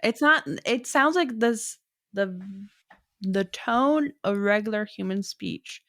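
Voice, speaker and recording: A woman co-hosting a podcast, chatting casually with short, low-key replies. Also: expressive, takes it slowly, a bit bright, no echo, clean studio sound. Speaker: podcast co-host. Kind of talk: casual chat.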